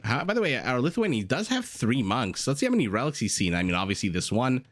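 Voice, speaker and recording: A married man casting a strategy video game match as a commentator, lively and jokey, with rambling asides and sudden gasps. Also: mid-range voice, fast talker. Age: adult, married with a young child. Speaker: game caster. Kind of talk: esports commentary.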